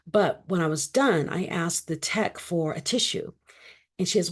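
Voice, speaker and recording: Middle-aged woman guest, slightly low voice, lively storyteller who plays every voice in her tale. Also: normal speed, slightly rough. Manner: animated, acts out quoted dialogue. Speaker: interview guest. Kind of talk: personal storytelling.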